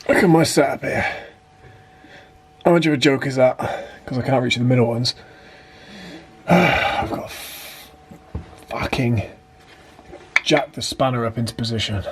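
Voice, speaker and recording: Husky and medium-pitched, the van conversion vlogger speaks at a moderate pace with fairly even intonation and long pauses. In the workshop, under and inside the van, this British man gives casual commentary, cursing freely and mocking himself dryly amid noise and clicks.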